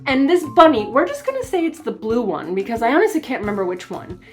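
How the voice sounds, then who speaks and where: A woman with a fairly high voice chats casually about a book she read. She retells it in an animated, amused way, with faint music playing underneath. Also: quick pace. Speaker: book reviewer. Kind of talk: casual chat.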